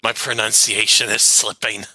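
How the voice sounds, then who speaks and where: A man talking through a live game stream, his voice very bright and cutting, pitched a little low. He chats casually, answers viewer questions and reacts to what happens in the game. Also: flat delivery, normal speed. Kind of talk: live gaming stream chat.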